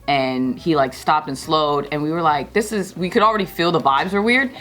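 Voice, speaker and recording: A woman from New York, a guest telling stories on a casual podcast. Her voice sits a little low for a woman, and she tells them animatedly, laughing easily. Soft music plays faintly behind her. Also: normal speed, low-quality recording.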